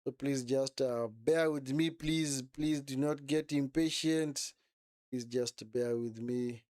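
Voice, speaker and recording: A man's voice: medium pitch, steady tone, slow, darkish tone, dry recording, clean studio sound. A young man hosting a casual live watch-along stream, talking in a chatty, repetitive way and often correcting himself.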